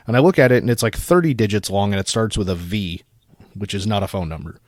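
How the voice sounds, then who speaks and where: A man's voice: fairly low pitch, brisk, no echo, clean studio sound. A young adult man co-hosting a podcast, telling a story in a laid-back, casual chatty way with the odd swear word. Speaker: podcast co-host. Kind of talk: casual chat.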